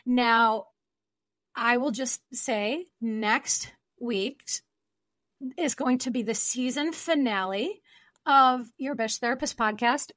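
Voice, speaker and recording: A woman's voice: on the high side, a bit bright, no room sound. A woman hosting her podcast solo, talking in a chatty, informal way and laughing often. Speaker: podcast host.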